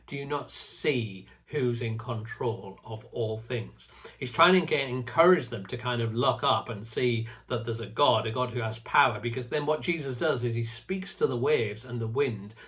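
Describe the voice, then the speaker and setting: A man's voice: medium pitch, a bit bright. A middle-aged man hosting his own channel, giving an earnest, reflective talk on faith. He often repeats a word as he starts a phrase. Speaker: faith teacher and channel host.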